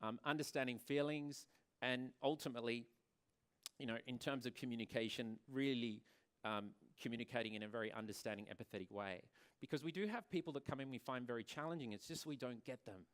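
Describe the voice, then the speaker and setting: A man's voice: mid-range voice, a little fast, fairly bright tone, clean tone. Earnest man giving a conference talk. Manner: earnest, repeats words and restarts often. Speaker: salon owner and presenter. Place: conference venue.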